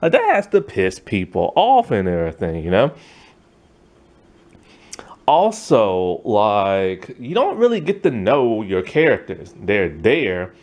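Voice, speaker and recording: A man's voice: mid-range voice, a little mellow. A man giving a casual, rambling spoken movie review, full of fillers and asides. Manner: rambling, fillers like "you know what I'm saying".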